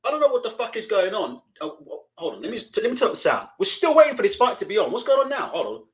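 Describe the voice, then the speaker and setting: A man's voice: sits high, wildly swooping pitch, quick pace, poor audio. A young man hosting a live boxing watch-along, rambling and swearing as he reads chat aloud and calls the fight. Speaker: live stream host. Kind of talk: casual live-stream commentary.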